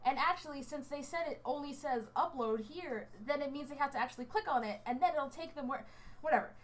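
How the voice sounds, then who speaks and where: A woman's voice: sits high, fairly quick, slight background noise. A young woman in her twenties from the United States, a student vlogging in a casual, rambling way with lots of fillers and restarts, a bit fidgety. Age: 20s. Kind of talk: casual chat. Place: indoors under a hot light.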